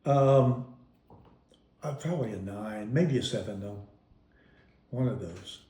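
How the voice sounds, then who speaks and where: A man's voice: lowish voice, takes it slowly, dark tone. Rambling man recalling family, roomy sound. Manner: rambling, self-interrupting, amused storyteller. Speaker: interviewee. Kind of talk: casual reminiscing. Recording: roomy echo.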